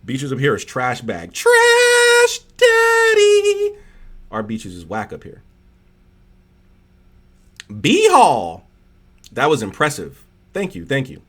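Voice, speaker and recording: A man's voice: fairly low pitch, expressive, moderate pace, fairly bright tone, slightly rough. A man hosting a casual livestream chat who rambles off on tangents with lots of fillers and answers chat comments aloud. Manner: rambling, digressive, heavy on fillers. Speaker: livestream host.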